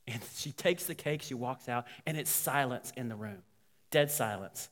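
A man, a pastor, telling a story in a sermon, animated and voicing the people in it. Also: medium pitch, normal speed. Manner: animated, quoting characters. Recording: long hall reverb.

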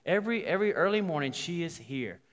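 A man's voice: fairly high pitch, sing-song, quick pace, a bit bright, pitched above the performer's own voice. A preacher voicing a male diner cook who talks in a casual, shrugging way, in a reverberant hall. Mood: offhand.

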